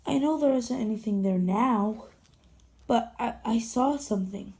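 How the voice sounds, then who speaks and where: A woman's voice: fairly high pitch, a little slow, warm tone. A woman voicing a nervous male mountain steam engine who stammers when he speaks. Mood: uneasy. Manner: stammering, jumpy.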